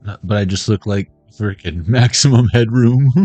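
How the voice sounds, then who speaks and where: A middle-aged man chats through a card reading in a loose, joking way, tossing out quick pop-culture asides. His voice sits on the low side and sounds close and dry. Soft music plays quietly behind him. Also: no room sound. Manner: playful, riffing jokes and pop-culture asides. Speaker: card reader streaming to viewers. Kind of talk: casual joking live reading.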